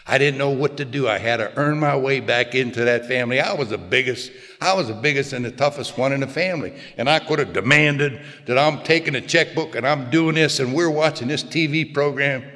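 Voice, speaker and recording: A man's voice: fairly quick, few pauses. Older man telling his story in a hall. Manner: plainspoken, folksy storytelling, drops into quiet low asides. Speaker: recovery speaker. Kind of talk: personal recovery story told to a group. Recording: long hall reverb.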